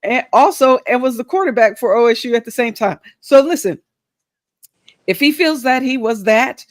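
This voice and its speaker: A woman hosting a casual chat, telling a family story in a lively way and laughing often. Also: on the high side, normal speed, no echo, studio quality. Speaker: host.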